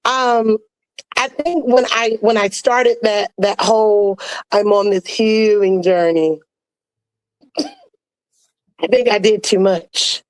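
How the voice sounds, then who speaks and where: A woman co-hosting a podcast, chatting casually and warmly, laughing and fighting back tears as she tells stories with playful quoted asides. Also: medium pitch, steady tone, takes it slowly, pauses often, rough recording. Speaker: podcast co-host. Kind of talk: casual heartfelt chat.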